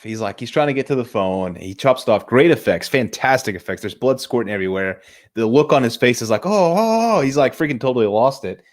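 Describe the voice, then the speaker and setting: A man co-hosting a casual movie review, excitable, swearing casually and restarting his sentences often. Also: mid-range voice. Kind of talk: casual chat.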